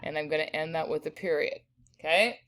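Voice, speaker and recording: A woman's voice: sits low, steady tone, a little fast, fairly bright tone. Patient woman teacher explaining grammar. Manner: patient, checks in with "right?" and "okay". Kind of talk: grammar lesson for students.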